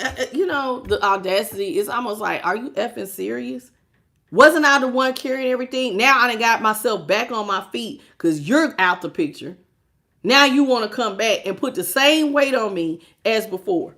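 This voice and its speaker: A woman's voice: a little high, animated, moderate pace, a bit bright. A woman doing a tarot reading to camera, sassy and emphatic, often laughing as she talks. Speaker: tarot reader.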